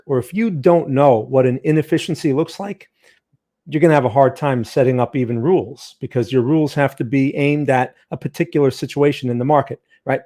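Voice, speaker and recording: A man's voice: medium pitch, mellow. Chatty man hosting a market livestream. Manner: chatty, joking asides, frequent "right?" and "all right". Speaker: trading livestream host. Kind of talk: casual livestream market commentary.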